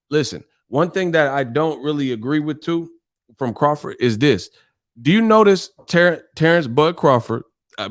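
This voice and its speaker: A man's voice: on the high side, no echo, clean studio sound. A man hosting his own stream rants in a loose, casual way, swearing freely and sounding exasperated. His voice sits a little above the usual male range, and he breaks into laughter often. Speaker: streamer host. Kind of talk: casual live stream rant.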